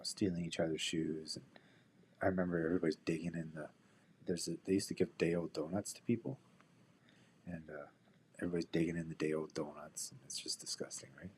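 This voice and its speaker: A man's voice: low voice, darkish tone, slight background noise. A man rambling through casual trading commentary and personal stories, swearing freely and dropping into whispered asides to himself. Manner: drops into whispers. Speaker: day trader.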